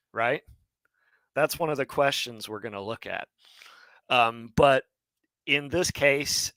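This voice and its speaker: A man leads a live online lesson at an unhurried pace. His voice is bright and a little forceful, and the sound is dry and close. He thinks aloud and stops to correct himself mid-sentence. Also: mid-range voice, no room sound. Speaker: Hebrew teacher hosting a live class.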